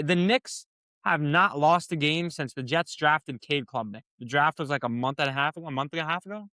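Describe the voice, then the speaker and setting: A man with a bright, forceful voice riffing on sports as a podcast host, slightly high for a man. He rambles with restless passion, swears freely and leans on filler words. The sound is dry and close. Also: no echo. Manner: passionate, rambling, profane, lots of "like". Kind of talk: casual sports commentary.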